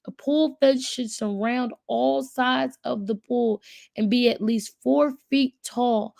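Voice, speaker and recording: A slightly high, creaky voice with a darkish tone and fairly even intonation belongs to a woman who takes her time, with no echo. She's a channel host casually browsing and reading pages aloud to viewers, thinking aloud with lots of fillers.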